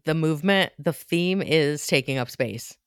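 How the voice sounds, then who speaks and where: Earnest woman podcaster, low dry voice. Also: unhurried, clean tone, no room sound. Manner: earnest, animated, trails off mid-thought. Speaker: podcast co-host. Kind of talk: casual chat.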